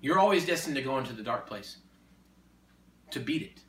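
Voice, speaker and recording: A man preaching in a conversation, emphatic and repetitive, building to forceful exhortation. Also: medium pitch, animated, brisk. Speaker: Christian speaker. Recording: echoey room, distant mic.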